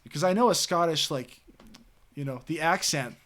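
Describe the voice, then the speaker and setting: A man's voice: on the high side, moderate pace, fairly bright tone. Rambling, swearing male streamer. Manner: rambling, heavy filler words and frequent swearing. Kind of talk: casual late-night storytelling.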